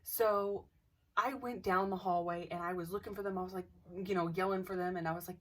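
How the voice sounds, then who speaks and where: A woman's voice: medium pitch, fast, fairly bright tone, distant mic. A young woman casually telling a ghost story, hesitant, with many restarts and dips into near-whispers.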